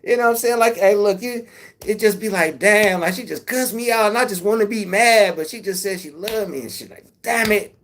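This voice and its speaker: A man talks loosely to his live chat, answering viewers by name. His voice stays easygoing and unhurried, peppered with curses and easy laughter. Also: high voice, fairly bright tone, a little hiss or hum. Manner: laid-back, swearing, laughs often. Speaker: YouTube livestream host.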